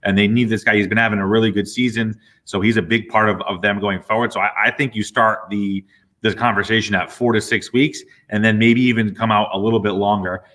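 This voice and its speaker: A middle-aged man, a physical therapist, casually explaining athletes' injuries with relaxed, playful asides. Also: on the low side, a little fast. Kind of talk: casual sports injury chat.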